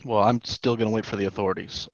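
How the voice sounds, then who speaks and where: A man's voice: lowish voice, fairly even intonation, fast talker, dull audio. A man playing a tabletop game, speaking in a hesitant, dry way. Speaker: player. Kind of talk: casual tabletop play.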